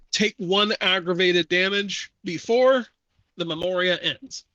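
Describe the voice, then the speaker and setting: A man running a tabletop game as game master, narrating scenes in a measured, descriptive way. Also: sits high, bright, forceful tone, dry recording.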